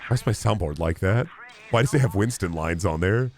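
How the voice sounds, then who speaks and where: Guy streaming a game, kinda low voice, rambly and jokey, lots of likes and ums. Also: expressive, a little fast, noisy background. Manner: rambling, filler-heavy, joking. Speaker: gaming streamer. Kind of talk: casual live-stream commentary.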